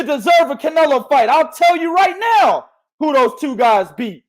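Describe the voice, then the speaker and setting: A man hosting a boxing podcast in a loud, profane rant. He shouts his points and swears freely, with no letting up. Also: very high voice, animated, moderate pace, hardly any pauses. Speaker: podcast host.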